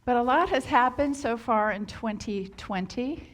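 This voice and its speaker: Woman, minister, sermon, earnest, fairly high voice. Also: animated, a little slow. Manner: earnest, acts out quoted inner voices.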